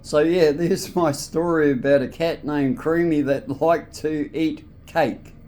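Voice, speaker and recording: A man's voice: a little high, fairly even intonation, takes it slowly, mellow. A man telling a casual anecdote, rambling with restarts and frequent "so anyway".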